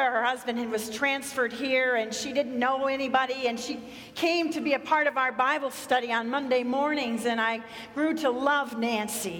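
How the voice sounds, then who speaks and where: A woman's voice: high voice, fairly bright tone. A woman pastor preaching a sermon in a conversational, storytelling way. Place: church sanctuary. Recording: echoey church hall.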